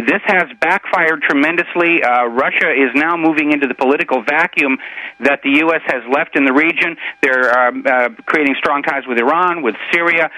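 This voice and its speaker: A man's voice: a little high, sharp tone, dry recording, rough recording. A man speaking as a guest on a call-in radio show, giving earnest, expansive political commentary.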